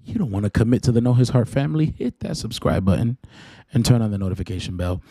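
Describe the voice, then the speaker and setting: A man with a Southern US accent and a medium-pitched, warm, expressive voice hosts a casual faith podcast, speaking quickly, joking and rambling while correcting himself. There's no echo.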